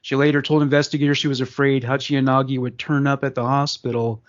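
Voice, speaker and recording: A man's voice: mid-range voice, flat delivery, fast. Man reading crime news, lo-fi. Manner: reads news aloud with fillers and asides. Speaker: podcast co-host. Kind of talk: casual news reading and chat.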